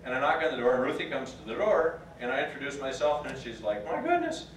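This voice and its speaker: A man's voice: mid-range voice, fast talker, slight background noise. A man in his fifties giving a folksy, plain-spoken storytelling speech at a class reunion, sometimes choked up. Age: 50s. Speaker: reunion speaker. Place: large room at a class reunion. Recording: echoey room, picked up from a distance.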